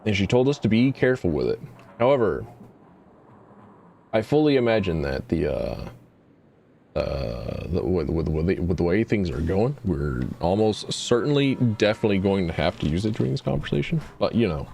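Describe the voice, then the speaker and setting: Male streamer, mellow voice, rambling and stammering, self-deprecating. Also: low voice, very animated, normal speed, gravelly, a little hiss or hum. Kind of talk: casual gameplay commentary.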